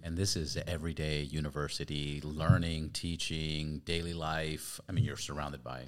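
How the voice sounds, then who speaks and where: A man's voice: a bass voice, fairly even intonation, moderate pace, a bit bright. A man hosting a podcast, curious and asking eager follow-up questions. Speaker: podcast host. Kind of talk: casual interview.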